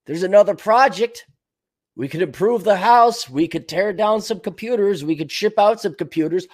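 A male host delivers a loose, wandering monologue, laughing and cursing as he goes. His voice sits a touch high and swings widely in pitch, lively and restless. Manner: animated, digressive, laughs often, swears. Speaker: show host. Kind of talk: casual rambling monologue.

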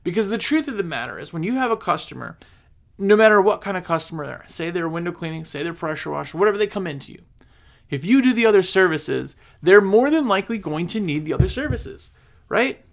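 A man's voice: sits high, expressive, quick pace, gravelly. A man giving casual, rambling business advice, repeating himself and acting out his customers. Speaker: cleaning business coach. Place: recording on his phone.

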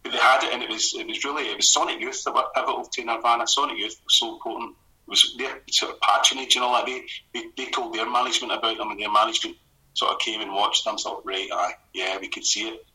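A middle-aged Scottish man, a comedy writer, telling stories in a casual radio conversation with quick restarts and laughs. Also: lowish voice, poor audio. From Scotland. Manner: rapid, animated storytelling with restarts and laughs.

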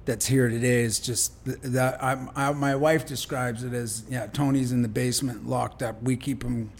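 Gravelly man reflecting earnestly. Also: medium pitch, steady tone, moderate pace. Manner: earnest, reflective, with many restarts. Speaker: guest. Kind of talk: candid interview talk.

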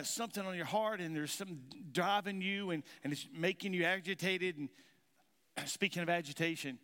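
A man's voice: a little high, fairly bright tone. A man preaching a sermon as pastor, telling a folksy story and quizzing his congregation. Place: church sanctuary. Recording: reverberant church hall.

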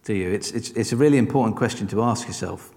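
A man's voice: fairly low pitch, fast talker, darkish tone, in a large hall. A man preaching a sermon, conversational and encouraging, with frequent rhetorical questions.

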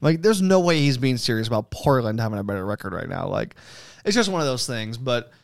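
Lively, rambling young man. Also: medium pitch, brisk, vocal fry. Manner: rambling, profane, animated storytelling. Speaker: podcast host. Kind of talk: casual chat.

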